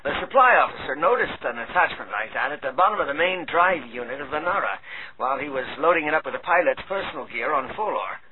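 A man's voice: fairly high pitch, lively intonation, fast talker, lightly acted. A man voicing a practical, blunt male starship mechanic in a space adventure story. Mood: worried. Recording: tinny phone-like sound.

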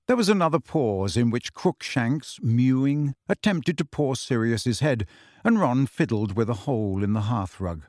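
A man narrating an audiobook in an expressive, measured storytelling manner. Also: medium pitch, no echo, studio quality. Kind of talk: scripted narration.

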